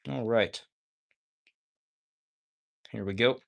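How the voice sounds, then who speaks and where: A man hosting a casual livestream who talks while flipping a balisong. He gets excitable and keeps tagging sentences with "all right?". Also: fairly low pitch, extremely slow, creaky. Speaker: livestream host.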